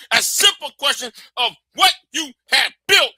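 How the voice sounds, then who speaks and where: A man hosting a live stream in a high, sharp, piercing voice. He rants with heated, profane fire and often breaks into shouts. The sound is close and dry, with no room echo. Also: animated, measured pace, hardly any pauses. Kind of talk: ranting live stream monologue. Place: warm indoor room with a fan.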